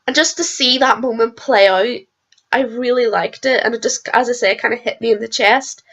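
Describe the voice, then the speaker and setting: A woman with a hoarse, worn-out voice talks through her reactions in a casual vlog. She rambles excitably, swears freely and drifts off topic. Her slightly high voice has a gravelly crackle of vocal fry. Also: a little fast. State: hoarse, voice going. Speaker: video creator reacting to a TV episode.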